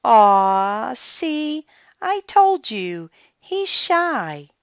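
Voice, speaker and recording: A woman voicing an eager, friendly young girl in a storybook reading, with high, excited calls. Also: drawn-out words, no echo, full character voice. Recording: dull lo-fi sound.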